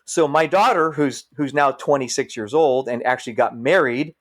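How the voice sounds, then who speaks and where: A middle-aged firefighter, appearing as a podcast guest, tells stories casually in a mid-range voice at normal speed. He's an animated storyteller who acts out the voices of the people he quotes.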